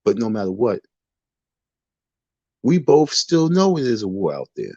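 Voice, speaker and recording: A man with a lowish voice delivers a defiant, preachy livestream rant, circling back over the same phrases like a sermon. He talks into a phone from his bedroom. The sound is dull and lo-fi, with a close, dry feel and no room echo. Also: wildly swooping pitch, a little slow, darkish tone. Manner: repetitive, defiant, sermon-like lecturing. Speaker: livestream host. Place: bedroom in the dark.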